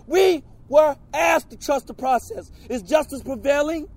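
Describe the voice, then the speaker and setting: A man gives an angry, shouted protest speech, repeating his questions. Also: very high voice, normal speed, few pauses, no echo. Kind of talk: impassioned public speech.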